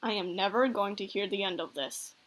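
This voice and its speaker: A woman's voice: medium pitch, fairly quick, a bit bright, lightly acted. A woman voicing an embarrassed, sarcastic teenage boy from a visual novel. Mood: flustered. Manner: flustered, exasperated.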